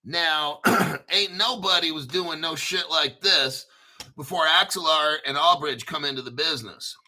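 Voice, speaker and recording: An American man hosting a crypto channel, reading an article aloud and riffing on it in a rambling, profane, hyped-up way while clearing his throat. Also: fairly high pitch, measured pace, pushed and bright. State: throat clearing, using a cough drop. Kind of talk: casual video commentary reading an article.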